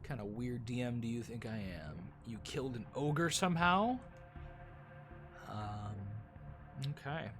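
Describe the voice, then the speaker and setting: A man running a tabletop game as dungeon master, talking casually and haltingly with frequent ums. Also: medium pitch, animated, music in the background. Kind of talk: tabletop game session chat.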